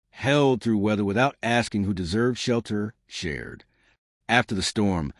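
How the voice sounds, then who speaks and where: A man narrating a scripted story in a slow, lyrical, measured way. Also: fairly low pitch, no echo, studio quality.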